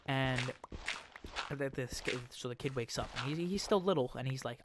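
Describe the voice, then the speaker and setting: Young male gaming vlogger, mid-pitched, rambling and jokey, noisy home recording. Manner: rambling, joking storytelling with quick mock voices. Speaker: gaming YouTuber. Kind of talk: casual game commentary.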